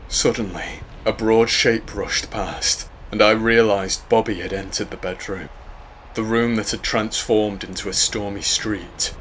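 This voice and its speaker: Deep-ish guy reading a creepy story real slow, grave and careful. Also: fairly bright tone, slight background noise. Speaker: narrator. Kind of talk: scripted horror story narration.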